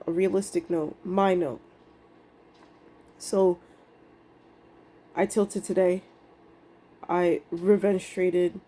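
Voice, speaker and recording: Her voice sits on the lower side and sounds warm as she talks through her day of trading on camera. The young woman rambles emotionally, dropping casual swear words in this candid vlog.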